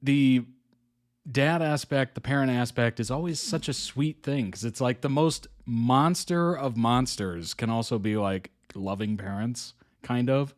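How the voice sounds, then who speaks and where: A man's voice: mid-range voice, a little slow. A young adult man hosting a reaction video, rambling casually with many fillers and frequent chuckles.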